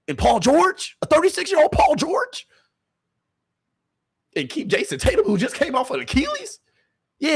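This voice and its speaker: Heated man ranting about sports. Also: fairly high pitch. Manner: heated, repetitive, talks straight to the audience with slang. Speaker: host. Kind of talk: animated sports commentary to a stream chat.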